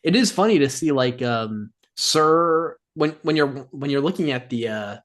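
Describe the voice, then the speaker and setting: A man co-hosting a podcast in casual chat, easygoing and quick to laugh along. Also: a little high, lively intonation, a bit bright. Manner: easygoing, laughs often, agreeable. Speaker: podcast co-host.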